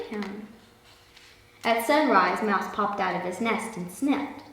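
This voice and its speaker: A woman hosting a children's story read-aloud with an expressive, animated delivery, recorded from a distance in an echoey room. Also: medium pitch, slow pace, vocal fry. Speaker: storybook reader, host.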